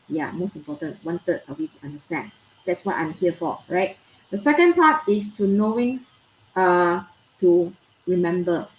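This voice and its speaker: Malaysian English teacher in an echoey room. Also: female voice, lowish voice, darkish tone. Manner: repetitive, checks understanding with "all right?" and "okay?". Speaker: biology teacher. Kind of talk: recorded online class lecture. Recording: echoey room with faint noise.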